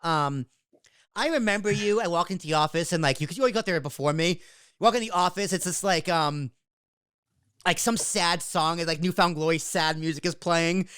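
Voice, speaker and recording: A young man with a somewhat high, smooth, resonant voice, recorded close and dry. He chats casually as a podcast guest, teasing his friend and throwing in quick, swearing asides. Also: fairly bright tone, no room sound. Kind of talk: casual chat.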